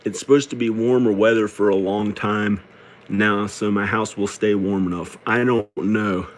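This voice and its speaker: A middle-aged man with a slightly low voice pours out a personal confessional monologue. He sounds tearful and downcast, halting and rambling as he goes. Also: steady tone. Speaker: video creator.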